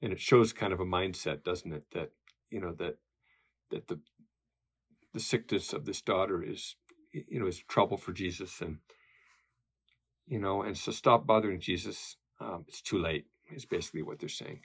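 A man's voice: low-pitched, normal speed, pauses often, husky. A man teaching a Bible study lesson in a conversational way, with many fillers and tag questions.

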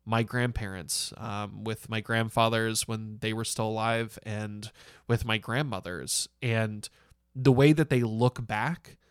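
A man's voice: lowish voice, slow, smooth, dry recording. Chatty young man, dry close mic. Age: young adult. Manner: animated, laughs often, many fillers. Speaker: podcast co-host. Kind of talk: casual podcast chat.

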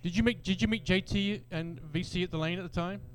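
A man hosting a casual interview, asking questions in a quick, chatty way and repeating words as he goes. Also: high voice, poor audio. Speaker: podcast host.

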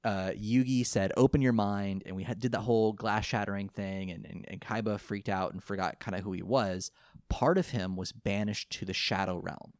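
Man, lowish voice, dry close sound, chatty podcast recap, rambling and animated. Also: moderate pace, no room sound. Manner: rambling, animated retelling with laughs and quoted lines. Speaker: podcast co-host recapping an anime. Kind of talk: casual chat.

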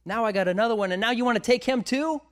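A man voicing an exasperated aging father who scolds his grown sons in a shrill, indignant tone. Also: fast talker, fairly bright tone.

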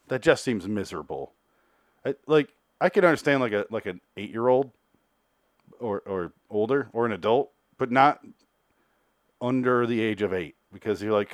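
A man's voice: mid-range voice, lively intonation, moderate pace, dry recording, clean studio sound. A man hosting a solo review podcast, recapping an episode in a rambling, profane, chatty way. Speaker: podcast host reviewing a TV series.

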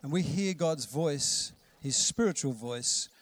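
A pastor preaches in an easy, conversational way. His voice sits a little high for a man. He acts out the voices he quotes and sinks to a hush for gentle lines. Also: animated, takes it slowly. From Australia. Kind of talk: sermon.

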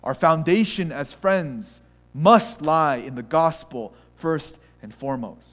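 A man preaching a sermon as a pastor, swinging between hushed, slow words and raised, urgent ones. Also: on the high side, lively intonation, soft background music. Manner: acts out voices of people in the story.

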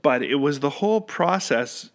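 A man's voice: fairly high pitch, expressive, normal speed. A man telling a casual, rambling story into a close microphone, often correcting himself and laughing. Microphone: studio microphone up close.

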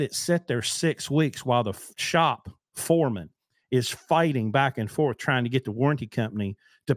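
A man's voice: medium pitch, no echo, clean studio sound. A middle-aged man hosting a solo talk show, ranting bluntly and heatedly about trucking in a rambling way. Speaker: podcast host, trucking business owner.

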